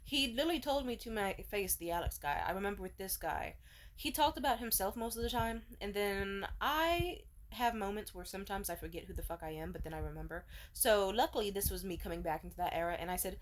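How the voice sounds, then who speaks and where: A woman's voice: medium pitch, quick pace. A young woman vlogger telling a dating story, blunt and profane, with sarcastic laughing asides. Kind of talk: casual storytime rant.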